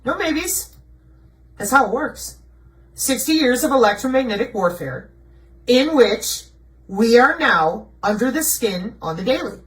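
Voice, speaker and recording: A fairly high-pitched woman speaks in an unhurried, animated way while walking through slides as a video presenter. She mocks bluntly, asks herself rhetorical questions and answers them, all in conspiracy commentary; the recording is low quality and far from the mic.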